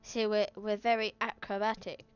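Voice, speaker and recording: A woman giving excitable let's play commentary, exclaiming and chattering at the game as she plays. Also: mid-range voice, normal speed, clean tone, highs cut off. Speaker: gaming video host. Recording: game sounds and noise behind. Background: video game sound effects.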